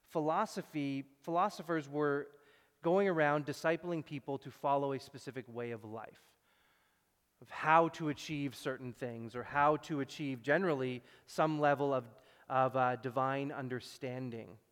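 Conversational pastor in a reverberant hall. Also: male voice, medium pitch, normal speed, fairly bright tone, clean tone. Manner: conversational, acts out quotes, self-deprecating asides. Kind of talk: sermon. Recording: long reverb in a large hall.

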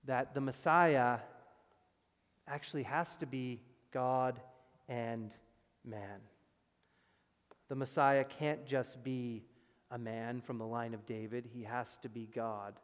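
A man preaching a sermon as pastor, with emphatic loud stresses that drop to quiet, low passages. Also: steady tone, slow, long pauses. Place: church sanctuary. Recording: long reverb of a church hall.

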